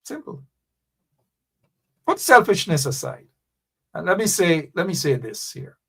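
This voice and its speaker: A man whose voice runs on the high side, husky and with vocal fry, hosts live political talk radio at a measured pace. He reads viewer comments and calls out names, preaching animatedly and repeating phrases to urge his listeners on.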